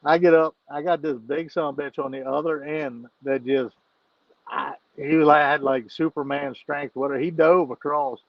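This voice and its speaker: A man's voice: on the high side, fairly even intonation, moderate pace, vocal fry, no room sound, lo-fi sound. A man telling a rowdy story as a podcast guest, laughing and cursing freely. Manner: laughs often while telling stories, swears freely. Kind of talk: casual storytelling.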